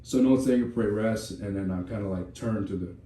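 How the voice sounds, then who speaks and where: Man, low dark voice, candid profane storyteller, echoey room, off-mic. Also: quick pace, distant mic, slight background noise. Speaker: podcast co-host. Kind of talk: casual podcast storytelling.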